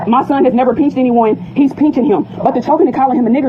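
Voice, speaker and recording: A woman's voice: high voice, fast, muffled recording, a little hiss or hum. A mother confronting school staff indoors, distraught and pleading, repeating her accusing questions, filmed on a phone.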